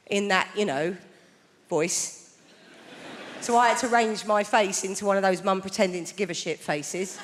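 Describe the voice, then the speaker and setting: Medium-pitched and moderately paced, a woman in her forties does a stand-up set in a theatre, relating stories conversationally and dryly with imitated voices. Theatre reverb and audible background noise come through on the recording.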